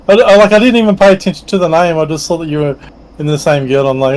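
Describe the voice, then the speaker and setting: Friendly rambling man, slightly high voice. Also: quick pace, a little mellow, rough recording. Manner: friendly, rambling with many fillers. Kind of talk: casual chat while gaming.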